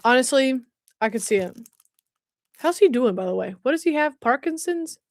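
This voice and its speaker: A woman's voice: sits high, animated, moderate pace, no room sound, studio quality. A woman, chatting casually on a livestream and reacting to viewer comments while unboxing. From West Tennessee, US. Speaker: livestream host. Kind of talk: casual live-stream chat.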